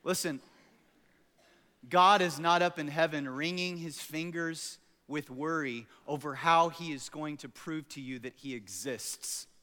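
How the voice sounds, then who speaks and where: A man preaching as a pastor, telling stories animatedly and acting out quotes for laughs. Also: a little high. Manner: animated, jokey storytelling with acted-out quotes. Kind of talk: sermon. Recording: echoey hall.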